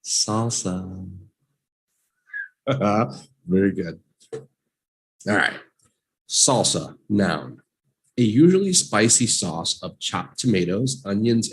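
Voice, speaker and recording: A man teaching vocabulary in a live online lesson, saying each word slowly, having listeners repeat it, and reading out its definition. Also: lowish voice. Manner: slow and animated, drills words with repeat-after-me prompts. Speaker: English teacher.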